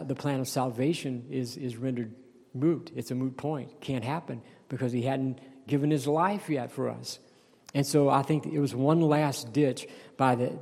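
A man delivers a sermon in a gravelly, warm voice. He reads a passage, then breaks it down with restarts and an occasional "Amen?" His voice carries a long reverb tail from the hall. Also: medium pitch. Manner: reads scripture aloud then explains it, with restarts and calls of "Amen?". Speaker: pastor.

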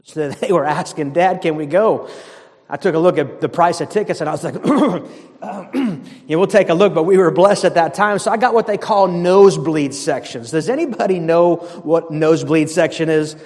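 Pastor from the area, male, high-pitched, fervent and chatty, heard with long reverb. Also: a little mellow. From Boston area, USA. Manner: fervent, conversational preaching with repeated emphatic commands. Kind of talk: sermon.

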